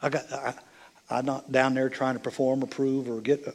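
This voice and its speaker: Preaching with impassioned energy, an older bishop moves between near-whispered moments and loud, forceful lines. His gravelly voice sits in the mid range, with a flat delivery at normal speed.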